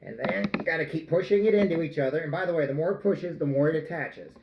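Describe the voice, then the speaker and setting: Kneading dough in his home kitchen for a casual cooking vlog, a man jokes around and sings to himself in a goofy, playful way. His voice leans high, expressive and quick. The recording sounds muffled and echoey.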